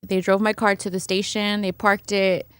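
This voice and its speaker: A woman's voice: mid-range voice, normal speed, clear, resonant tone, no echo. A woman guest on a podcast, telling a personal story casually and acting out what people said, often tagging on "right?". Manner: animated retelling, acting out quoted voices, fillers like "right?". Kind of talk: conversational storytelling.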